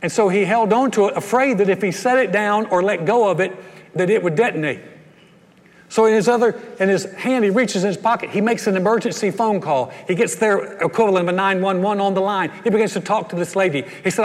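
Pastor in his sixties, folksy storyteller with a high voice, recorded in a reverberant hall. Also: quick pace. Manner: folksy storytelling, frequent stammered repeats. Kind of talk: sermon.

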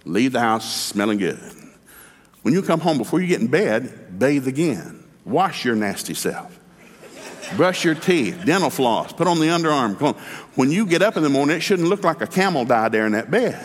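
Heard through a long hall reverb, this preacher's medium-pitched voice rises and falls widely at a moderate pace. He delivers a lively, storytelling sermon with folksy humor and emphasis, voicing the characters in his tales.

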